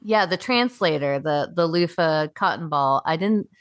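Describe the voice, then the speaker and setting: A woman with a slightly low voice talks through a casual podcast chat, rambling and trailing off with frequent laughs. She is a young adult co-host who swears in passing. The sound is close and dry. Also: normal speed, dry recording.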